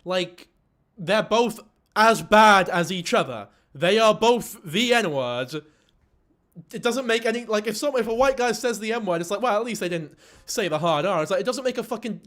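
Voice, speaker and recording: A man's voice: high voice, lively intonation, moderate pace, a bit bright. Man riffing on a clip. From Ireland. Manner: rambling, swears casually, laughs while talking. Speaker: streamer reacting to a clip. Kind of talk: casual commentary.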